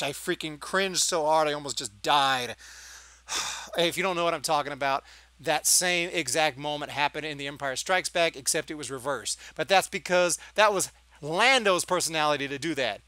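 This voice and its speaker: Man, movie reviewer, sarcastic rant, high voice, very bright and sharp. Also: moderate pace, no room sound. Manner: sarcastic, exasperated, acts out quotes. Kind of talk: casual ranting review.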